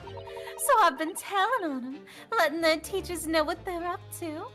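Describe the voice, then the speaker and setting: A woman doing a scheming young swindler with a Southern twang. She brags about her lies in a very high, bright voice. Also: normal speed, faint music behind. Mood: sly. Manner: sly, boastful. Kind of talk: reading game dialogue aloud.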